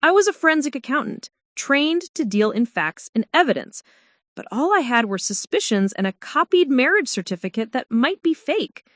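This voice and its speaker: A woman's voice: sing-song, moderate pace, no echo, studio quality. A woman narrating a first-person story in a tense, dramatic way. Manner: tense, dramatic, swinging pitch.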